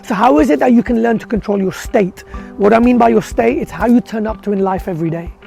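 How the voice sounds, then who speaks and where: A man with a very high, warm-toned voice delivers a motivational talk full of rhetorical questions. His delivery is earnest and direct, with a gravelly edge, and faint music plays underneath. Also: fast talker. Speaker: motivational speaker for dentists.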